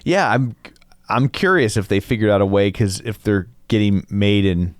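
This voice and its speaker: A man's voice: fairly low pitch, animated, moderate pace, no echo, clean studio sound. A man co-hosting a podcast in casual chat, full of playful jokes and made-up asides. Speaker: podcast co-host.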